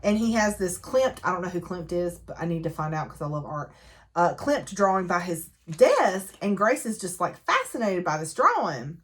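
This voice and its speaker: A woman's voice: on the low side, very animated, moderate pace, a bit bright. Chatty woman recapping a book. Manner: chatty, gushing, quotes characters in passing. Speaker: book reviewer.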